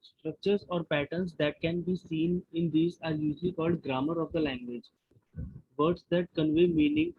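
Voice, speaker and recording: A man's voice: on the high side, husky. A man student reading notes aloud in class, careful and stopping to restart words. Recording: dull lo-fi recording.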